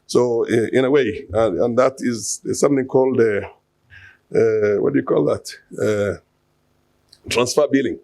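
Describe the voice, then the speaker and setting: A man's voice: medium pitch, normal speed, gravelly, mellow, no room sound. A man giving an unscripted conference talk, hesitant, with many fillers and restarts, asking the audience rhetorical questions. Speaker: conference speaker.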